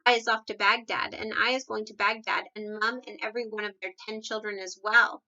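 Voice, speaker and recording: Big friendly giant guy, mixes up his words, bright voice, dull lo-fi sound, a lady puts him on. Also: little pitch movement, brisk. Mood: eager. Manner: mangled English, booming and eager. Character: huge kindly male giant, muddled grammar.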